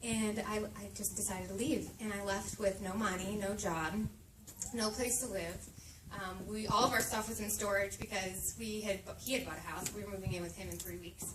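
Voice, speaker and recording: A woman's voice: mid-range voice, steady tone, moderate pace. A woman in her thirties giving a heartfelt, emotional faith testimony to a group in a meeting room. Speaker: speaker sharing her testimony. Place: meeting room at a moms' camp. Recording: echoey room, distant mic, background noise.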